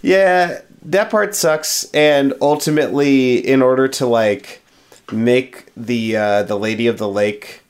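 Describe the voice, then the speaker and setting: Man, casual chat, very slow pace, halting, fillers. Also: mid-range voice.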